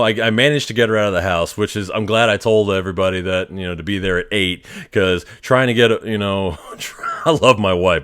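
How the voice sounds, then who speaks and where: A man's voice: low voice, clear, resonant tone. A man hosting a podcast, casually telling a long personal story with swearing and chuckles. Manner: animated, profane, chuckling storyteller. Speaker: podcast host.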